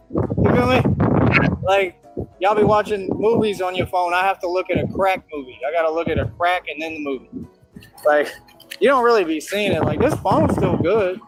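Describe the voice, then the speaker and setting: Man, high voice, rambling slangy chatter, music clearly behind. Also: moderate pace, poor audio. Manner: rambling, slangy, says "like" and "bro" a lot. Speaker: streamer in a played clip. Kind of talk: casual stream chatter.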